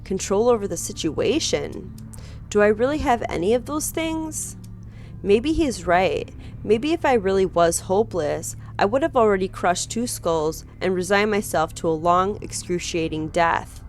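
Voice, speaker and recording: A woman streamer reading a visual novel aloud with dramatic, expressive narration, breaking in with her own reactions. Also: medium pitch, a little slow, a little hiss or hum. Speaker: game streamer.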